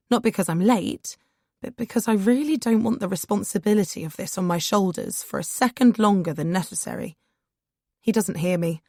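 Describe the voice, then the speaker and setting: A woman narrating an audiobook in the first person, measured and steady. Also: lowish voice, dry recording, clean studio sound.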